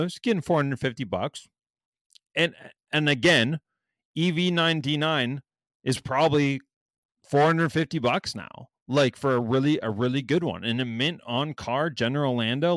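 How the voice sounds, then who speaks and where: A man's voice: fairly high pitch, no echo, studio quality. A man, telling a story in casual chat, swearing a lot and acting out what people said. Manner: animated storytelling, heavy swearing, acts out quotes.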